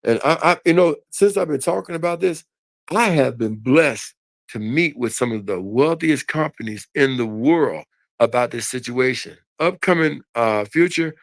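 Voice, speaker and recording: An older man telling a story in a casual, animated and folksy way on a live stream. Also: medium pitch, normal speed, gravelly, no echo.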